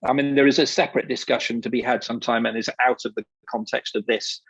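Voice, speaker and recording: A man in his sixties talks in a flat, even tone, pausing often and wandering through his points as he talks as a guest expert. The sound is dull and lo-fi, like video call audio, with a dry, close feel. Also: medium pitch, gravelly, slightly rough, no echo. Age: 60s. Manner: hesitant, rambling, many fillers. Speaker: wine merchant, guest expert. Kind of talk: casual panel talk.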